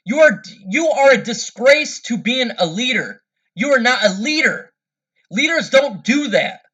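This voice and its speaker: An adult fan commentator, older than a 13-year-old's parent, goes on a heated, angry sports rant, repeating himself and stumbling through stammered restarts. His husky voice is extremely high with big pitch swings, a sharp tone and a slightly slow pace.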